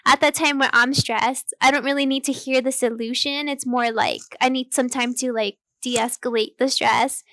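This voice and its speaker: A young adult woman on a casual faith podcast, speaking thoughtfully and softly with frequent "like" as she explains her feelings. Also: high voice, steady tone, normal speed, few pauses, dry recording. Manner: thoughtful, soft-spoken, frequent "like". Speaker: podcast co-host.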